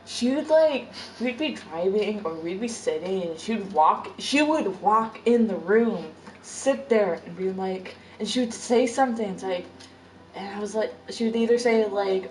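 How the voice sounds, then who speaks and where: A woman's voice: medium pitch, animated, a little slow, darkish tone, soft background music. A woman in a casual family chat, telling rambling stories with frequent giggles. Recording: distant and echoey.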